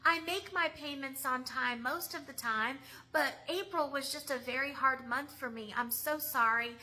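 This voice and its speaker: A woman's voice: high-pitched, moderate pace, pushed and bright. A woman putting on the voice of an apologetic, struggling single mother begging for more time on a bill. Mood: pleading. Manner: pleading and apologetic.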